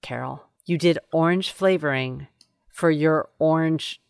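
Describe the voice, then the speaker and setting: A woman co-hosting a casual chat podcast, opinionated and chatty, with quick asides. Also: low voice, gravelly, a little mellow, smooth, dry recording, clean studio sound. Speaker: podcast co-host.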